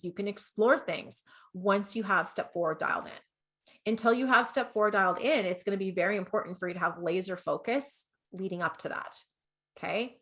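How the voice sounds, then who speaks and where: A Canadian woman leads an online business masterclass in a mid-pitched, everyday voice. She talks in a chatty, upbeat way and keeps checking in with her listeners. She laughs at herself easily. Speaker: business coach.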